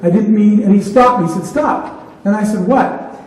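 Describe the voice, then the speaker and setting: A man's voice: high voice, fast, a little mellow, far from the mic. Man telling stories in an echoey hall. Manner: retells conversations in dialogue. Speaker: keynote speaker. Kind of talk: motivational storytelling talk.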